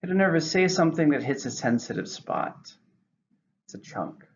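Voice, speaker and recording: A man teaching English vocabulary, slowly and carefully spelling out each word's syllables and stress. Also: on the high side, lively intonation. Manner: slow, careful enunciation of words. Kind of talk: vocabulary lesson. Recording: lo-fi with faint noise.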